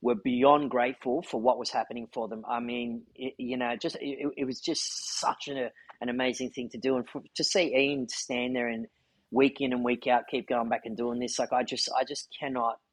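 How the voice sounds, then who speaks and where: A man hosts a podcast and recounts a story with earnest, heartfelt feeling. His voice has a husky grain and sits at a middle pitch. The sound is dry and close. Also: fairly even intonation, normal speed, no room sound, rough recording. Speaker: podcast host. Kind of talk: casual chat.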